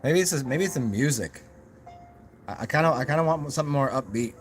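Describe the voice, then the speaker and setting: A man's voice: medium pitch, lively intonation, a little fast, faint music behind. A young man talking in a casual, rambling monologue to his camera, musing aloud with many restarts and asides. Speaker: vlogger.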